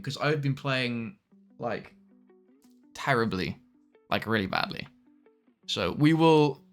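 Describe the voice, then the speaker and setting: A man's voice: mid-range voice, fairly bright tone. A young British man streaming live, chatting casually to viewers, greeting them by name, laughing often and trailing off mid-sentence.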